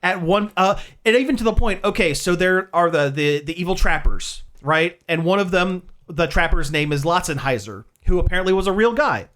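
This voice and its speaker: A podcast co-host telling an animated story in casual chat, laughing often. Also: mid-range voice, a little fast, hardly any pauses.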